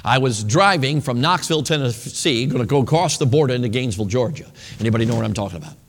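A man's voice: mid-range voice, animated, quick pace. A male preacher telling a story in a sermon, talking casually and often checking in with his audience. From northern United States. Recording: long reverb of a large hall.

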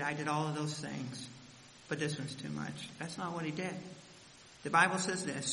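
Bright-voiced preacher in an echoey hall. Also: male voice, fairly high pitch, fairly even intonation, normal speed, creaky. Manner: dramatic storytelling, voice rising and dropping. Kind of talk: sermon. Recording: echoey hall with faint hiss.

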